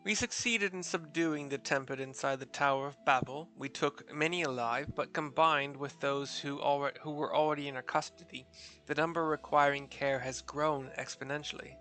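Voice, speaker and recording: A man voicing a composed woman leader, reading her formal lines in a measured way and correcting himself. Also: on the high side, fairly even intonation, pushed and bright, faint music behind. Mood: earnest.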